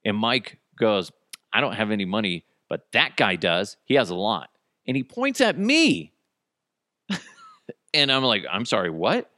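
Man, podcast host, deep voice, swings his pitch a lot, swears freely, dry close mic. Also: unhurried, pauses often, no echo. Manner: profane, animated storytelling with put-on voices. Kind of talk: casual solo monologue.

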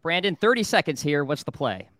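A man hosting a sports betting talk show, briskly steering the panel with questions and reading out odds. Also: fairly high pitch, big pitch swings, fairly bright tone, no room sound.

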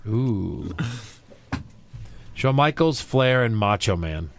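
Excitable podcast man, animated. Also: lowish voice, takes it slowly, creaky. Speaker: podcast co-host. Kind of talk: casual chat.

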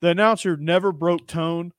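A podcast host with a fairly high, steady male voice chats casually about sports and tells upbeat stories at a moderate pace. The recording is clean studio sound with no room echo.

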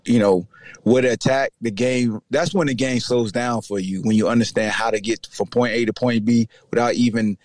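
A man's voice: mid-range voice, normal speed, no echo. A middle-aged man from Virginia hosting a casual sports podcast, talking in slang, joking and mimicking other people. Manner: animated, slangy, jokes and voices people. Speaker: podcast host, former player.

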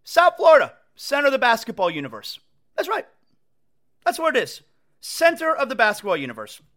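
An excitable male sports talk host riffing on his own show, his voice sitting high and swinging all over the place. His tone is bright and forceful, and he repeats himself and restarts sentences as the thoughts pile up. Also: brisk. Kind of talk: casual sports talk monologue. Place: home.

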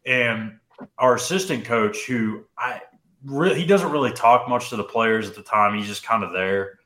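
A young man co-hosting a podcast, telling a personal story in casual chat, animated and full of "dude" and "like". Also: medium pitch, moderate pace, reverberant. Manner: animated, says "dude" and "like" often. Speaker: podcast co-host.

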